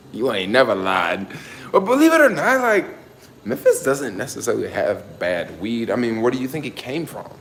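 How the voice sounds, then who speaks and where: A man's voice: on the low side, roomy sound, a little hiss or hum. Slangy Southern man on a livestream. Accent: Black Southern American, softened. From American South, family in Tennessee. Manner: loose, slangy, rambling, ends lines with "yo". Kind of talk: casual livestream chat. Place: home in San Francisco.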